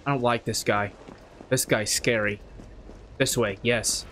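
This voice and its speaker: A man narrating his own horror game run, muttering plans and then shouting in panic when chased. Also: mid-range voice, fairly even intonation, a little slow, long pauses, noisy background. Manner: swings from mumbled planning to panicked yelling. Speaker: gaming YouTuber. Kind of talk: let's play commentary.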